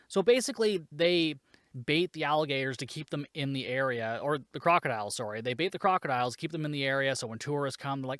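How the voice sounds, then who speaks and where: A man's voice: on the high side, brisk, fairly bright tone, clear, resonant tone, no room sound, studio quality. Sarcastic man recapping a film. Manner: sarcastic, swears freely, laughs at the plot. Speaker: podcast host reviewing a movie. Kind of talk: casual solo recap.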